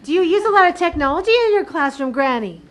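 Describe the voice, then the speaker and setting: A woman co-presenter plays straight person in a classroom skit. She asks teasing questions in a high, lively voice. Her pitch rises and falls with animation. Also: fast talker, crowd noise. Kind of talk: playful skit with a puppet-style character.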